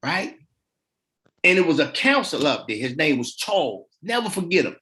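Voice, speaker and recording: A middle-aged man, guesting on a podcast, speaks at a moderate pace in a slightly high voice. He tells his life story casually in relaxed street talk, performing the voices of the people he describes.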